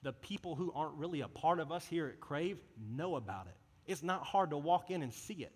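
A man's voice: on the high side, lively intonation, fairly quick, darkish tone, slightly rough. A man preaching a sermon as a youth pastor, earnest and impassioned in a conversational way. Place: church service hall. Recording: reverberant hall.

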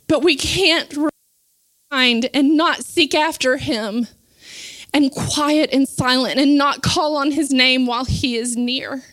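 A woman's voice: high-pitched, slow, fairly bright tone, dry recording. A woman preaching a sermon, retelling scripture and rising to impassioned, fervent cries.

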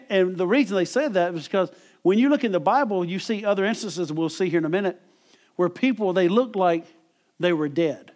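A man's voice: high voice, normal speed, a little mellow. A middle-aged man preaching a conversational sermon, often repeating words and chuckling as he talks.

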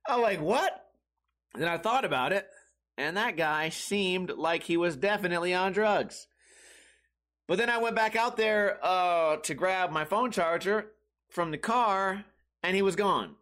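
A man's voice: a little high, fairly bright tone. A man in his thirties hosting a comedy podcast, telling rambling, profane stories and acting out the people in them. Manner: rambling, profane, mimics others in quoted bits. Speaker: podcast host. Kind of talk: casual comedic storytelling.

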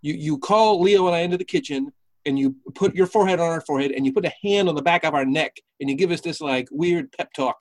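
A man's voice: on the high side, fast. A man, a pizzeria worker and guest on a video call in an improv comedy scene, exasperated and accusing.

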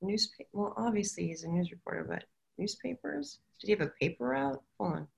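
A woman speaking as a psychic medium, chatty and excitable, relaying what she senses. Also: medium pitch, a little fast, vocal fry. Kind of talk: casual chat.

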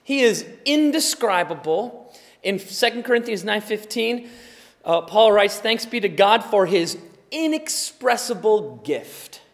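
A man preaching a sermon, emphatic, swinging between quiet explanation and loud exclaiming. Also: high voice, big pitch swings, unhurried. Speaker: pastor. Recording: long hall reverb.

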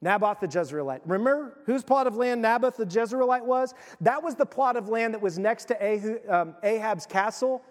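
High-voiced male pastor in reverberant hall. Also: moderate pace, hardly any pauses. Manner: conversational, retells the story with asides. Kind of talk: sermon.

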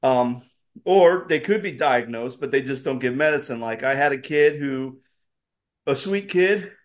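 A man's voice: mid-range voice, lively intonation, unhurried. A man co-hosting a podcast as a pastor, talking casually and explaining points with facts and frequent fillers.

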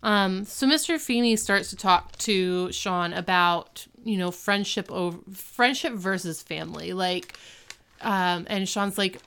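A woman casually recapping a TV episode with a co-host, chatty and quoting the characters with lively emphasis. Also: medium pitch, measured pace, smooth. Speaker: podcast co-host.

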